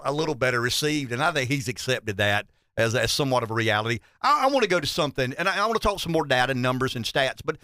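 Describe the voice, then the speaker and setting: A man's voice: mid-range voice, bright, forceful tone, no echo, clean studio sound. A middle-aged man hosting a talk radio show, joking and folksy, often repeating words as he gathers his thoughts. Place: radio studio.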